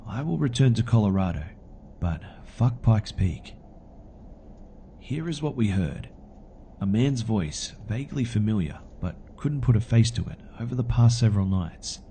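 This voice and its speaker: Man, low voice, mellow dark tone, calm measured horror storytelling, first-person narration. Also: slight background noise.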